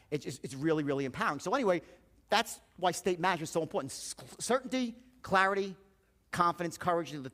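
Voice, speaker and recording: A man's voice: on the high side, fairly bright tone. A man giving a motivational sales seminar, profane and anecdotal, acting out the dialogue in his stories.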